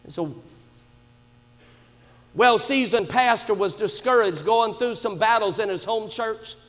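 A man delivers a sermon with fervour, punching his points and rising often into shouts. His voice sits very high for a man, and a long hall reverb trails every phrase, as in a large church. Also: a little slow. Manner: emphatic, swings to shouts. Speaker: preacher.

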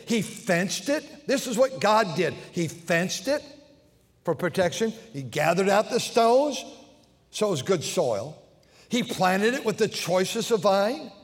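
A man preaching a sermon as pastor, swinging between shouted passages and hushed tones. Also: high voice, very animated, unhurried. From United States. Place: large church sanctuary. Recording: long hall reverb in a church.

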